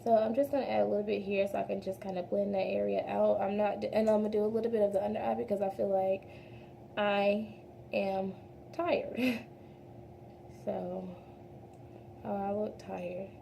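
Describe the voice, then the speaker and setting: A woman's voice: medium pitch, flat delivery, normal speed, vocal fry, pauses often, mellow, slight background noise. A woman doing a casual makeup tutorial at home, talking earnestly and rambling a little, calling her viewers "y'all". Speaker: beauty vlogger. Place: home, daylight from a window.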